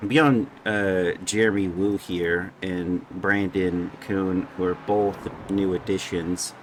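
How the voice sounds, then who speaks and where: A man's voice: low-pitched, steady tone, takes it slowly, slight background noise. A young man giving casual, joking live commentary on a sim race and stumbling over drivers' names.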